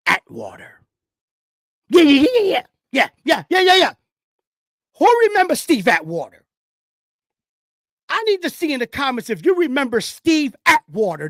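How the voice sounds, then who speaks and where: A man hosting his own football talk show, speaking casually and excitedly, preaching to viewers and whooping as he hypes his segments. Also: very high voice, no echo, clean studio sound. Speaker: sports show host. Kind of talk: casual sports talk monologue.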